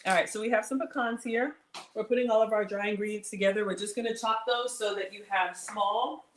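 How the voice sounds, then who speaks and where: Her mid-range voice stays fairly even and moves fairly quickly as this Southern US woman hosts a relaxed cooking livestream at home. She's chatty and self-deprecating with her viewers, and a little background noise is audible.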